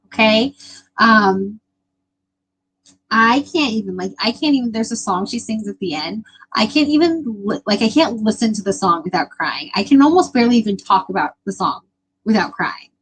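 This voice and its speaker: A woman's voice: medium pitch, breathy edge, rough recording. A young woman hosting a casual live stream, chatting with viewers in a gushing, emotional way with lots of fillers.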